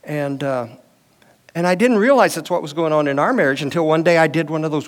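A middle-aged man teaches a marriage class in an easy, conversational way. His voice sits slightly high for a man, and he slips into quoted back-and-forth from everyday life to make his points. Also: fast talker. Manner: conversational, uses personal anecdotes and quoted dialogue. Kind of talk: teaching session with audience questions.

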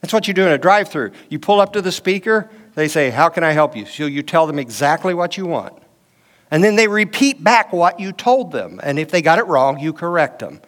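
A man's voice: fairly high pitch, big pitch swings, fairly quick, fairly bright tone. A middle-aged man teaching a marriage class in a casual, conversational way, telling stories from home. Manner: conversational, uses personal anecdotes and quoted dialogue. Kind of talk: teaching session with audience questions.

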